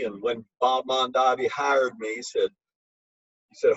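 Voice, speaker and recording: A man lecturing on wine in an informal, emphatic way, blunt and full of asides. His voice is husky and mid-pitched, recorded dry and dull with a lo-fi quality. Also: steady tone, normal speed, fairly bright tone, dry recording. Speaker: wine educator.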